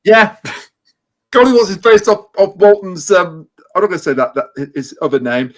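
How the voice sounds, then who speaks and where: A man co-hosting a casual review chat, joking around and often halting mid-sentence to restart. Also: sits high, animated. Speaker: podcast co-host.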